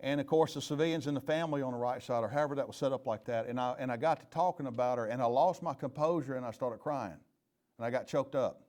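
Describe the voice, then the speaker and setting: A man's voice: mid-range voice, fast, a little mellow. A middle-aged man, a retired police chief giving a leadership training talk in an earnest, candid storytelling manner with plain folksy phrasing.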